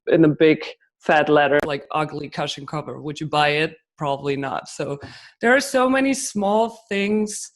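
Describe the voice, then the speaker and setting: A woman's voice: low-pitched, measured pace. A woman, a guest expert answering interview questions and explaining her points through examples, with frequent fillers along the way.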